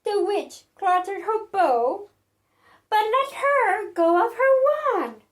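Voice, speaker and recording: A woman reading a picture book aloud to children in an expressive, sing-song way. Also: very high-pitched, takes it slowly. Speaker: children's storyteller.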